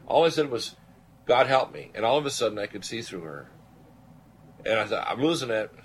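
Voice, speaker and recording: A man in his sixties, a physician and radio host, telling a personal story in an animated, rambling way, often clearing his throat. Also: lowish voice, brisk, slight background noise, low-quality recording. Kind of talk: storytelling on a talk radio show.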